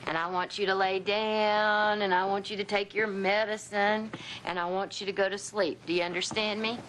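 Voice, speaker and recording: A woman's voice: medium pitch, level tone, normal speed, slight background noise, close to an everyday voice, rough recording. An actress playing a patient, soothing mother. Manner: soothing, firm, gentle. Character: caring middle-aged mother and granddaughter, patient. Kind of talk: television drama acting.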